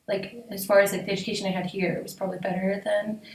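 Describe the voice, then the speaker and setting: A woman's voice: medium pitch, level tone, fast talker, darkish tone. A young woman whose first language is Spanish, a guest artist chatting casually and laughing with lots of fillers. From United States and Mexico. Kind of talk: casual interview chat. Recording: roomy, echoey, mic at a distance.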